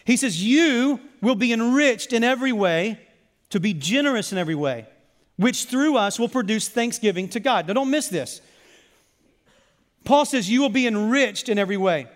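A man preaching a sermon as pastor, telling animated stories and calling on the congregation to repeat after him. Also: extremely high pitch, normal speed. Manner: animated storytelling, calls for congregation responses. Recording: long hall reverb.

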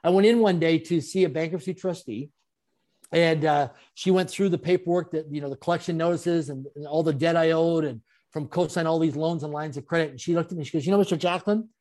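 Guy talking fast, kinda high voice, chuckling storyteller vibe. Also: darkish tone. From Canada. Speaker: interview guest, speaker. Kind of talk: storytelling interview.

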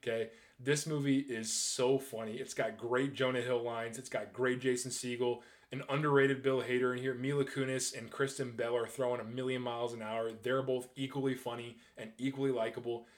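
A man in his twenties talking casually and excitably, rambling through his thoughts with frequent restarts and casual swearing. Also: mid-range voice, a little fast, hardly any pauses. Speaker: movie reviewer. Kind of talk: casual ranking chat.

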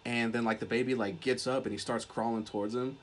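A man's voice: medium pitch, fairly even intonation, fast talker. A young man co-hosting a podcast, retelling a film in a rambling, casual way, swearing often and filling with "like". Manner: rambling, swears a lot, heavy use of "like". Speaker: podcast co-host. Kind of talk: casual chat.

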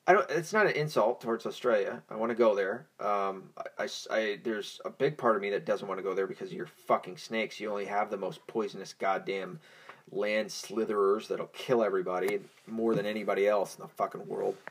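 A man's voice: fairly low pitch, fairly quick. A young man hosting a podcast in a casual, profane, rambling monologue, stoned and easily distracted. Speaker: podcast host.

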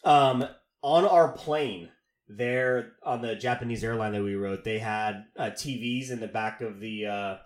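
A Texan-raised podcast host chats loosely, stringing his stories together with lots of "like" and "um". His voice sits at a middle pitch. It comes through with a roomy echo. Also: a little slow. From Texas. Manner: rambling storyteller, filler-heavy. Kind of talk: casual chat.

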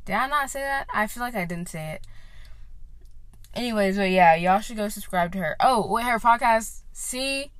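A woman's voice: mid-range voice, animated, normal speed, no room sound. A young woman in a casual vlog chat, rambling and often interrupting herself as she recommends other creators. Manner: rambling, self-interrupting, off-track.

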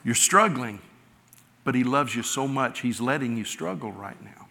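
Preaching man with a bright, ringing voice. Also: medium pitch, expressive, normal speed, gravelly. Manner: emphatic preaching, swells loud then drops soft. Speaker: pastor. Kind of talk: sermon. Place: large church sanctuary. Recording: church hall reverb.

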